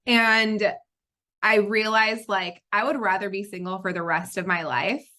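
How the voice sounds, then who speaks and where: Woman in her thirties, podcast host, bright voice, lively storyteller. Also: medium pitch, a little slow. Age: 30s. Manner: lively storyteller, laughs often. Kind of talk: casual chat.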